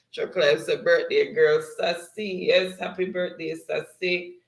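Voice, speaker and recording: A man hosts a livestream and reads the chat aloud at a slow, unhurried pace, breaking into laughter again and again. His voice sits a bit high and has a gravelly edge. The sound bounces around an echoey room. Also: steady tone. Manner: laughs often, slow and easygoing. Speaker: livestream host. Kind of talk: reading live chat aloud.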